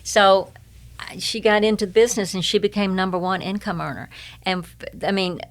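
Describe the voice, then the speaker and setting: A woman's voice: medium pitch, normal speed. An older woman with a Southern US accent, telling stories as a guest in a casual interview with folksy jokes and sayings. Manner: animated, joking, folksy sayings. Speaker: guest, humorist and speaker.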